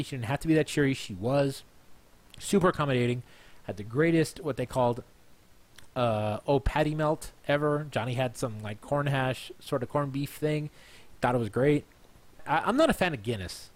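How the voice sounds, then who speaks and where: A man's voice: medium pitch, no echo. Tipsy man rambling through a story. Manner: rambling, repeats himself, restarts phrases. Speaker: podcast host. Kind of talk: casual storytelling monologue.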